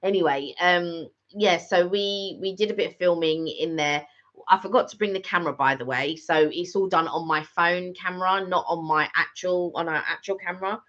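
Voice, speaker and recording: A woman's voice: lowish voice, moderate pace, a bit bright. A middle-aged woman co-hosting a vlog, chatting casually and rambling with lots of fillers and restarts. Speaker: vlog co-host. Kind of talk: casual chat. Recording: slightly dull lo-fi audio.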